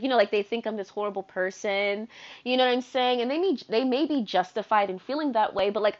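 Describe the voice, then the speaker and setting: Young woman, twenties, high-ish voice, chatty storytime monologue full of slang and swearing, muffled lo-fi recording. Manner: animated, swearing, slangy, self-interrupting. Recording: dull lo-fi sound.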